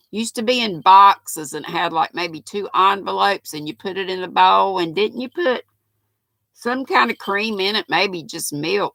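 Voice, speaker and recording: A woman's voice: mid-range voice, creaky, bright, forceful tone, no room sound. An older woman hosts a casual livestream, reading viewers' comments aloud in a chatty, folksy way. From North Carolina, US. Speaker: livestream host.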